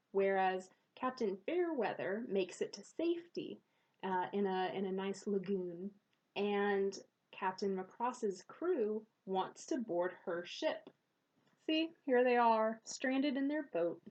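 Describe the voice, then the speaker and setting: A woman reviewing a children's book for parents, speaking in a thoughtful, measured way with pauses and fillers. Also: fairly high pitch, dull audio.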